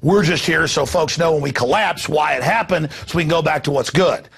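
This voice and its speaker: A man hosting a news show with a gravelly, raspy voice pitched a little high. He rants in a heated, mocking tone, swinging from loud bursts to low muttered asides. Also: brisk. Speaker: host. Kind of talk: ranting news commentary.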